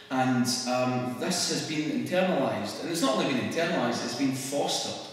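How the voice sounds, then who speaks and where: A man with a Scottish accent giving a public talk to an audience, conversational and wry, with quick laughs. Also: mid-range voice, animated, slight background noise. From Scotland. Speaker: speaker at a public event. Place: church hall. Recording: echoey hall recorded from far off.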